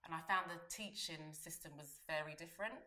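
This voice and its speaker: A woman recalls her childhood in an interview, measured and thoughtful. Her voice is very low but bright, and the room is echoey. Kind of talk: interview recollection.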